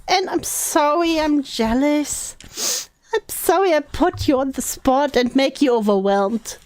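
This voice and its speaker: A woman voicing a clingy, apologetic young man, reading his messages in a mock plaintive whine. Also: high voice.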